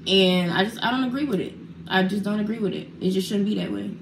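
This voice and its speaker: A woman's voice: mid-range voice, fast talker, vocal fry, reverberant, slight background noise. A young woman speaking frankly and a bit exasperated about family favoritism. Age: young adult. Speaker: guest, the speaker's daughter.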